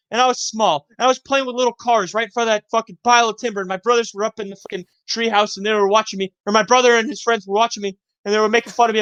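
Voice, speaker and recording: A young man in his twenties, co-hosting a casual podcast, rambling through profane childhood stories with animated yelps and laughter. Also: extremely high pitch, clear, resonant tone, no room sound, highs cut off. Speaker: podcast co-host. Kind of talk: casual chat, storytelling.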